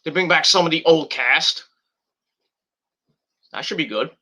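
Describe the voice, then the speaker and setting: A man's voice: on the high side, unhurried. A man in his thirties hosting a podcast, chatting casually in a rambling, profane way with frequent restarts. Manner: rambling, profane, restarts often, shouts in bursts. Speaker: podcast host.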